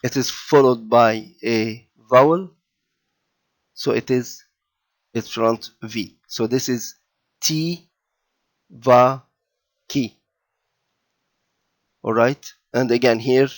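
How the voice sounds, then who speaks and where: A man teaching children to read an old alphabet, talking them through slide after slide. His pace is slow and unhurried, and his pitch sits at a middling level. He keeps checking in with the learners and circles back to repeat himself. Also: steady tone. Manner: patient, repeats and checks in with "okay?" and "all right?"; slow and deliberate, with fillers and restarts. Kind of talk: children's language lesson over slides.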